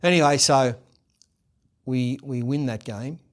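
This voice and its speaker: A middle-aged man with an Australian accent, a guest in a podcast interview, telling lively stories and loudly acting out the voices of people he quotes. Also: mid-range voice, unhurried. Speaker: guest, former rugby league captain and coach. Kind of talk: animated storytelling in a podcast interview.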